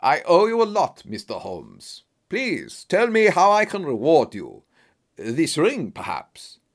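Storybook king, boastful and excitable, read by a male narrator, wildly lively pitch. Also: takes it slowly, exaggerated voice. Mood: effusive. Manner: emphatic, exclaiming.

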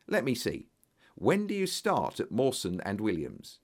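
A man voicing an eager, effusive businessman in an audiobook, exclamatory and flattering. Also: lowish voice, unhurried, exaggerated voice. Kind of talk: audiobook character voice.

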